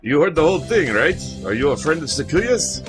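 A man's voice: on the high side, very animated, a little fast, over music. A man doing a smug pigeon playboy in mock French. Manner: smooth, smug, flirty.

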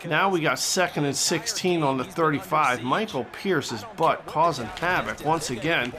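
A man doing excitable mock play-by-play commentary over a football video game, bursting into loud exclamations on big plays and tossing in cheeky asides. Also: a little high, normal speed, hardly any pauses. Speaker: gaming channel host. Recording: game music playing behind the voice.

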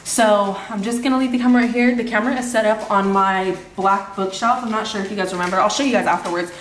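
A woman's voice: medium pitch, quick pace, a little hiss or hum. Chatty young woman vlogging in an echoey room. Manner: chatty, animated, addresses viewers directly. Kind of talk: casual vlog chat to camera. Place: home, indoors. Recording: echoey room with faint music.

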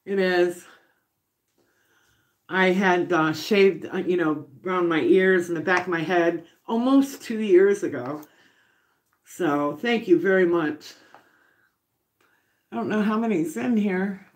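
A woman's voice: on the low side, takes it slowly, long pauses. A middle-aged woman, chatting casually on a home livestream while baking and reading viewer comments aloud. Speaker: livestream host.

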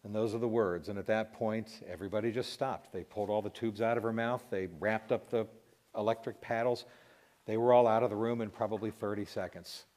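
Middle-aged man, heartfelt testimony, voice cracking with emotion, halting delivery. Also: on the low side, fairly even intonation, a little mellow. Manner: emotional, voice breaking, pausing and restarting. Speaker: Christian radio host telling a personal story.

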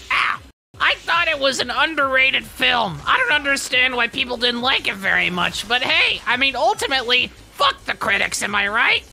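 A woman's voice: fairly high pitch, gravelly, pushed and bright, heavily acted. A woman voicing a cocky, touchy young male hawk racer in comedic, profane banter during a game playthrough. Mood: smug. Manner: defensive, rambling, profane banter. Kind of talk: comedic let's play voice.

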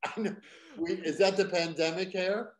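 An older man with a Boston accent talks as a podcast guest, firing off quick teasing wisecracks. His voice sits somewhat high for a man. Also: fairly even intonation. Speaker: guest comedian. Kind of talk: casual interview chat.

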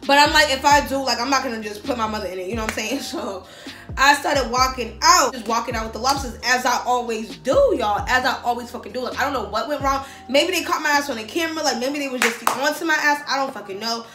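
A young woman, telling a story on her vlog in a slangy, profane, animated way. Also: sits high, quick pace. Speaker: vlogger. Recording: echoey room with faint music.

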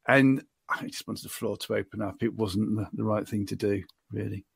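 A man's voice: fairly low pitch, fairly even intonation, moderate pace, vocal fry, slightly rough, dry recording, studio quality. A man hosting a podcast, telling self-deprecating anecdotes in a casual, chatty way. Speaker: podcast host. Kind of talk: casual storytelling chat.

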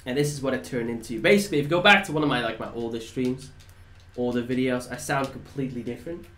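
A fast-talking game streamer from the Netherlands, a native Dutch speaker, gives casual commentary on live gameplay, trading banter with chat and swearing at times. His voice is mid-range and fairly bright, captured with roomy echo and light background noise.

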